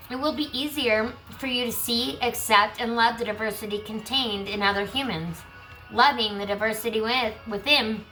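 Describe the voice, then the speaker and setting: A woman does a collective tarot reading, reading the card texts aloud and slipping into chatty asides. She's losing her voice and keeps clearing her throat, and her slightly high voice sounds pushed and bright on a low-quality recording.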